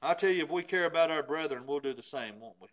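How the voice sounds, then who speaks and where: A man's voice: a little high, lively intonation, quick pace, fairly bright tone. A man preaching a sermon, reading scripture with emphatic, pleading intensity.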